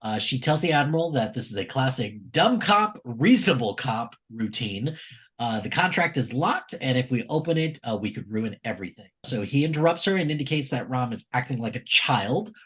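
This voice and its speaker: A man's voice: medium pitch, expressive, moderate pace, a bit bright. Chatty male co-host recapping an episode. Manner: chatty, recounts the plot with frequent fillers. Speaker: podcast co-host.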